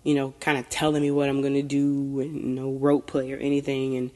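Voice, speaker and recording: A woman's voice: extremely low pitch, monotone, fairly quick, a little mellow. A woman in candid casual chat, frank and profane, laughing often and a little tipsy. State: tipsy from tequila. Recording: long reverberant room.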